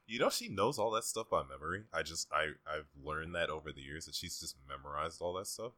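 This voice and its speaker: Man, very low voice, bright tone, lively pitch, teasing podcast banter. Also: a little fast. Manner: teasing, wisecracking. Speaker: podcast co-host. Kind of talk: casual chat.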